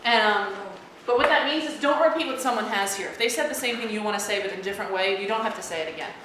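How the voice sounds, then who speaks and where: A woman teaching a class, brisk and direct, calling on students by name. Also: mid-range voice, fairly bright tone. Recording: echoey classroom with noise.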